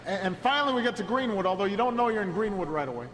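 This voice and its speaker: Recorded in an echoey hall over steady background noise, a political speaker with a high voice tells a story in a speech. His delivery halts and restarts, repeating words as he goes, before rising to a rousing, shouted ending.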